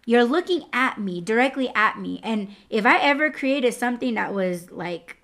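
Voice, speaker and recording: A woman's voice: fairly high pitch, measured pace. A young adult woman hosting a podcast, telling a personal story in a candid, profane, casual way. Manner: candid and profane, lively swings in loudness. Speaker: podcast host.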